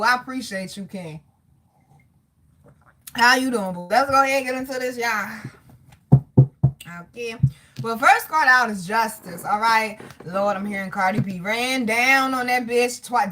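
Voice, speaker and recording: Woman, tarot reader, casual live reading, slangy, swears, higher voice, bright and sharp. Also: unhurried, pauses often, slight background noise. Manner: slangy, swears freely, greets chat by name; talks to God out loud between points.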